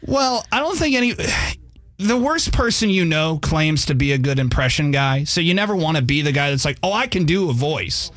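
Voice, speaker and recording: A man's voice: a little high, lively intonation, moderate pace, fairly bright tone, no room sound. A man co-hosting a sports radio show, rambling and joking in casual banter, restarting his sentences often.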